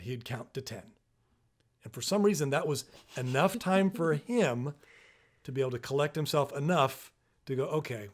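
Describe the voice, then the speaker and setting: A man co-hosting a casual parenting podcast, explaining and telling stories. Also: medium pitch. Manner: storytelling, explanatory. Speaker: podcast co-host.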